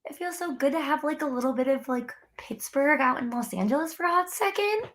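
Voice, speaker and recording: A woman's voice: high-pitched, expressive, brisk, a bit bright. A young woman hosting a casual sports live stream from home, bubbly and chatty, talking straight to her viewers. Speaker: sports podcast host. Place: home room near window.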